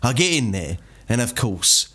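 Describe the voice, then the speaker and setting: A man's voice: mid-range voice, very animated, unhurried, bright, forceful tone, slightly rough. A man co-hosting a podcast and telling a story in a casual, rambling way, often asking "you know what I mean". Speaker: podcast co-host.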